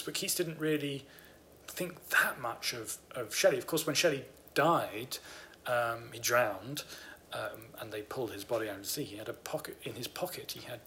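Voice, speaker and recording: A man's voice: medium pitch, fairly bright tone, slight background noise. A man co-hosting a casual podcast about books, explaining his ideas at length with eager enthusiasm. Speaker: podcast co-host.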